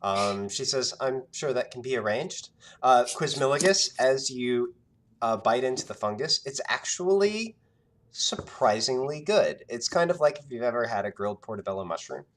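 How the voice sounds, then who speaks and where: A man's voice: medium pitch, big pitch swings, normal speed, slight background noise. A man narrating as game master of a tabletop fantasy game, hesitant and full of fillers. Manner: hesitant, filler-heavy narration with soft laughs.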